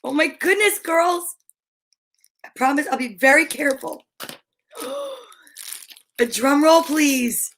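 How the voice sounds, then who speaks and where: A woman hosting a show for young viewers, talking with gushing excitement and frequent gasps. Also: high-pitched, takes it slowly, pauses often, a little hiss or hum. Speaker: children's show host. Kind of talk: enthusiastic talk to young viewers.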